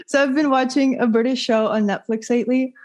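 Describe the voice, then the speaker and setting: A woman's voice: high-pitched, steady tone, fairly quick, darkish tone. A young woman hosting a podcast, chatting casually with her guest over a call and laughing often. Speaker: podcast host. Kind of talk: casual interview chat.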